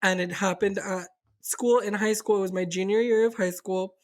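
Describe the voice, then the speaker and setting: A woman's voice: mid-range voice, fairly even intonation, moderate pace, darkish tone. A young adult woman co-hosting a podcast, telling a candid story in casual chat, rambling and swearing with lots of fillers. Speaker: podcast co-host.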